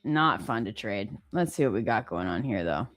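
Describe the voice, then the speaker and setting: A woman's voice: a bass voice, lively intonation, moderate pace, no room sound, faint music behind. A woman hosting a live trading stream, chatting casually, reading viewer comments and laughing often. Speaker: livestream host.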